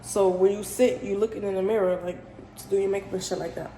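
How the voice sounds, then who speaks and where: A young woman with a New York accent telling a profane, animated storytime, full of slang. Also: medium pitch, quick pace, roomy sound, long reverb tail, slight background noise, rough recording. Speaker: vlogger. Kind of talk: casual storytime.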